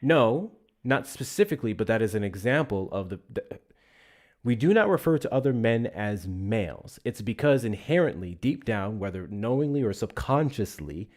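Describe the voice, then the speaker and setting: A man hosting a live political call-in stream with a low, grounded voice. He argues bluntly and swears often. When he pushes a point, his words trip and repeat. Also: animated, moderate pace, a little mellow. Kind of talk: heated live-stream debate with callers.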